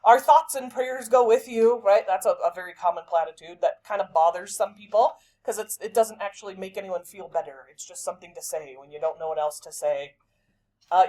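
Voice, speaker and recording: Woman teacher, pitch a touch high, very animated delivery, chatty and emphatic classroom lesson. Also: moderate pace.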